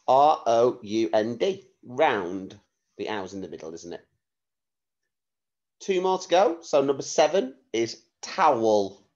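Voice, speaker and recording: A man teaching a phonics lesson to young children, spelling words out letter by letter in a clear, slow dictation manner. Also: medium pitch, darkish tone, lo-fi sound. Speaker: primary school teacher.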